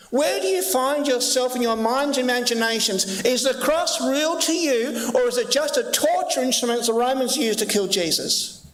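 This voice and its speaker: A man's voice: extremely high pitch, a bit bright. A man preaching a sermon as pastor, earnest and emphatic, with lots of repetition. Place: church sanctuary. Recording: echoey church hall reverb.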